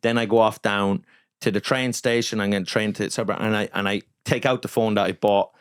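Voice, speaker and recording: A young adult Irish man, a comedian guest, telling a story in casual chat, animated and profane, acting out quotes. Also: fairly low pitch, brisk, clean tone, no echo, studio quality. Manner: animated, swearing, acting out quotes in his anecdotes.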